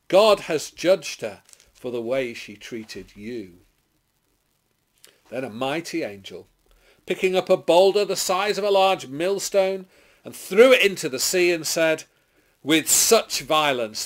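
An English man, a clergyman, reading scripture dramatically and then preaching a short sermon, declaiming loudly and rising on exclamations. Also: fairly high pitch. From England. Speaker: clergyman giving a short Bible reflection.

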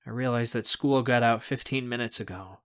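A man narrating a young adult novel in the first person, expressive and acting out the scenes. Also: mid-range voice, fairly quick. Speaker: audiobook narrator.

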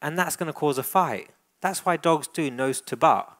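A man's voice: fairly high pitch, normal speed, fairly bright tone. A man who works as a dog trainer, leading a live training demonstration and coaching handlers with frequent praise.

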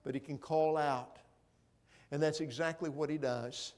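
Preacher man, swings loud to hushed. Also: a little high, steady tone, measured pace. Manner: swings from loud proclaiming to hushed, quiet appeals. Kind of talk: sermon. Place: church sanctuary.

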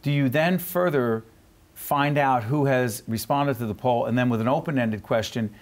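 A man's voice: medium pitch, moderate pace. A male television host in a studio who jumps in with probing questions and pushes back as devil's advocate. His voice sits in the middle range for a man. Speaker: TV interview host. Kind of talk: TV interview.

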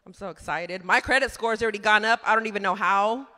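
A woman performing a stand-up comedy set, chatty and animated, laughing at her own jokes on a club stage. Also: mid-range voice, fast. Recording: reverberant club room.

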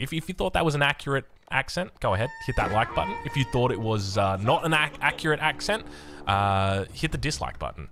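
A young Australian man gives casual commentary on a strategy game, chatty and jokey, with a bright, forceful voice that swings widely in pitch. He rambles, circles back and cuts himself off mid-thought. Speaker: game caster.

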